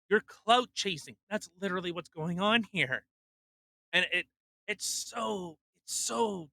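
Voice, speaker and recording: A young man co-hosting a podcast, ranting bluntly in casual chat, swearing and mocking people with quick impressions. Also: high-pitched, animated, sharp tone, no echo. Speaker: podcast co-host.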